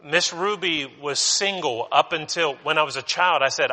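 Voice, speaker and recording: A man's voice: fairly high pitch, moderate pace, pushed and bright. A man preaching a sermon, telling a parable in an earnest way with restarts and repeated words. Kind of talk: sermon with a told story. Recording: long hall reverb.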